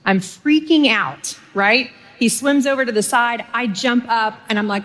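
A woman's voice: on the high side, moderate pace, few pauses, fairly bright tone. A middle-aged woman from Texas, preaching a sermon and telling stories with humor while speaking directly to her audience.

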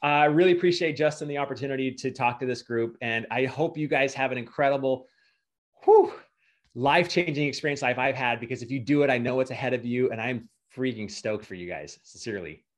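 A man's voice: mid-range voice, fast, hardly any pauses. A middle-aged man giving an earnest, emotional motivational talk as a guest speaker.

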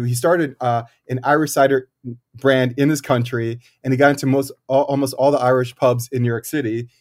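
A man at a middle pitch speaks as a guest on a chat show. He talks in a thoughtful, halting way, pausing on fillers and starting his sentences over. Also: darkish tone. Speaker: cider maker, guest. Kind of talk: casual interview talk.

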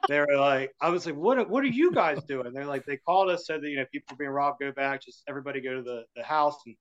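A man appears as a podcast guest, telling a story casually at a medium pitch, fast and smooth, though the audio sounds dull. He's animated, acting out the voices of the people in his tale.

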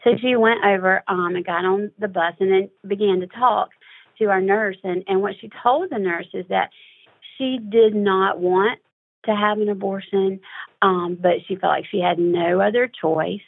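A woman's voice: mid-range voice, fairly even intonation, normal speed, vocal fry. A woman directing a pregnancy center, telling a story earnestly in an interview, with fillers and emotion. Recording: tinny phone line.

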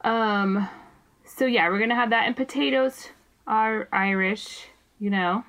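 A woman's voice: a little high, unhurried, a bit bright, low-quality recording. A woman co-hosting a podcast, chatting casually and rambling with fillers and laughs. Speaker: podcast co-host. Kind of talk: casual chat.

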